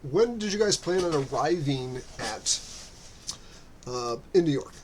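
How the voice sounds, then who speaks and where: A man's voice: fairly high pitch, animated, measured pace, slight background noise. Man running a tabletop game. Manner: rambling with frequent fillers and restarts. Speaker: game master.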